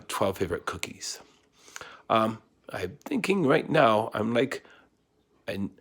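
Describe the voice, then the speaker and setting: A man's voice: mid-range voice, fairly bright tone. A middle-aged man teaching a casual math lesson from home to his class, chatty and rambling with many fillers.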